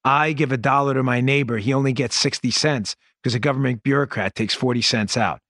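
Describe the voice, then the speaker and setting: A man hosting a political commentary show, talking in an animated, sarcastic and emphatic way. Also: mid-range voice, brisk, no echo, clean studio sound. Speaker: podcast and radio host.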